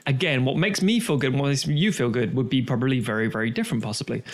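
A man's voice: mid-range voice, quick pace. A man from London co-hosting a casual film podcast, wry and mock-grumpy, rambling through his points. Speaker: podcast co-host.

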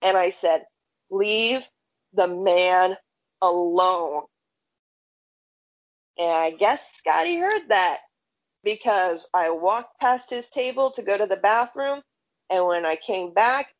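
A woman's voice: medium pitch, animated, measured pace. Woman co-host, casual podcast chat, blunt and profane storyteller, dull lo-fi audio. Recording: dull lo-fi sound.

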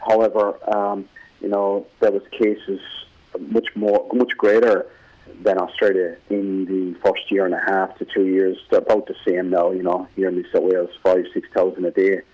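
A man's voice: sits low, level tone, normal speed, dark tone, muffled recording. A man with an Irish accent, a guest in a casual radio interview, rambling with many fillers and restarts. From Ireland.

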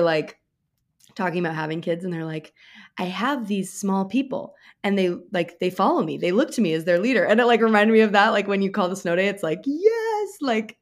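A woman in her thirties co-hosting a podcast, chatting in a giggly, rambling way. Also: fairly low pitch. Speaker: podcast co-host. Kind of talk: casual chat.

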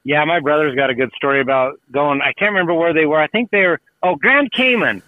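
A rambling man swaps loose travel tales, swears often and acts out other people's lines. His voice sits a little high and sounds tinny and thin, like a phone line in a dry room. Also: fast, dry recording. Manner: rambling storyteller, swears freely, acts out quotes. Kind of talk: casual chat.

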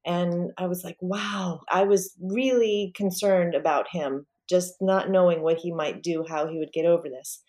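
A woman speaking as a podcast guest, recounting a personal story in a lively way and acting out the voices of the people in it. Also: lowish voice, normal speed, hardly any pauses. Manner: animated, acts out quoted voices.

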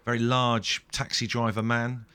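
A man's voice: medium pitch, little pitch movement, a little slow, pushed and bright, smooth, no room sound. A man hosting a podcast in rambling, jokey casual chat. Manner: rambling, jokey, self-deprecating. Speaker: podcast host.

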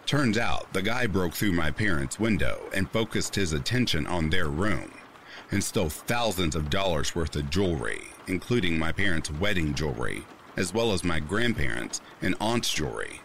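Deep-voiced man narrating horror stories. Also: vocal fry, fairly bright tone, slight background noise. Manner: reads a first-person account with rising tension. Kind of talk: scripted narration. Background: faint rain sounds.

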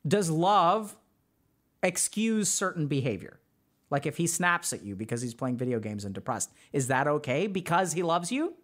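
A man's voice: on the high side, very animated, normal speed, a bit bright. A man hosting a podcast as a mental health doctor, talking through relationship advice in an earnest, conversational way with many fillers. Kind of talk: casual advice talk.

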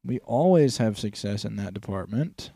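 A man's voice: on the low side, expressive, moderate pace, creaky, warm tone, no room sound. A young man co-hosting a casual comedy podcast, joking in crude slang and calling people dude and dog. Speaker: podcast co-host.

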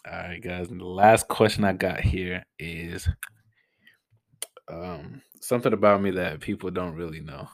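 A man's voice: deep voice, measured pace, gravelly, no echo. A young man hosting his own podcast, talking in a laid-back, slangy, rambling way, with a stutter. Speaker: podcast host. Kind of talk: casual solo podcast talk.

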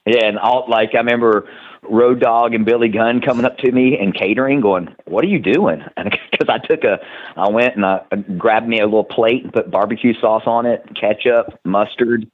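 A man's voice: mid-range voice, moderate pace. A man with a Southern US accent, telling rambling stories as a guest in a casual interview, laughing often. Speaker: wrestler guest. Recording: tinny phone-like line.

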